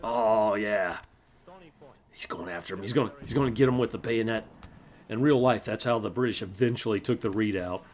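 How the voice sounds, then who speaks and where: A man from South Carolina hosting a let's play, mixing excitable yelling and laughter at the game with calm history explanations and casual swearing. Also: fairly low pitch, normal speed, slight background noise. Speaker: gaming channel host.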